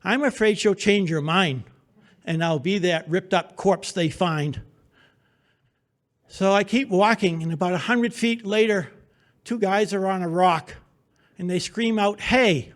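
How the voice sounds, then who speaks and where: A man with a noticeably high speaking voice tells a true adventure story in front of a theater audience. His delivery is wry and humorous, narrating in a vivid present tense that pulls listeners into the moment. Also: measured pace, long pauses. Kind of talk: live personal storytelling on stage. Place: theater stage before an audience.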